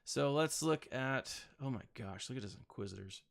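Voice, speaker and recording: A man's voice: mid-range voice, expressive, normal speed, creaky. A man in his thirties, a gaming channel host, giving casual, rambling gameplay commentary with self-mocking asides and playful sound effects.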